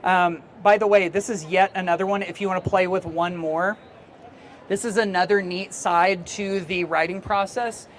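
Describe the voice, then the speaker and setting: A man's voice: high voice, steady tone, moderate pace, fairly bright tone, slight background noise. Casual, chatty male conference presenter. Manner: casual, chatty, laughs easily. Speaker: teacher trainer and conference presenter. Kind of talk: live conference workshop talk. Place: conference session room.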